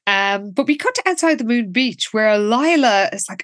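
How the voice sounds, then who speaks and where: A woman's voice: a little high, expressive, moderate pace, hardly any pauses, fairly bright tone, dry recording. Dry-witted woman recapping plot. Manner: narrates plot with dry asides. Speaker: podcast co-host.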